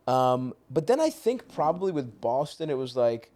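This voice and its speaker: A man in his thirties from Baltimore hosting a podcast in a studio, talking in rapid, profane, animated rants. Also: medium pitch. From Baltimore, USA. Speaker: podcast host. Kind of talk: casual chat.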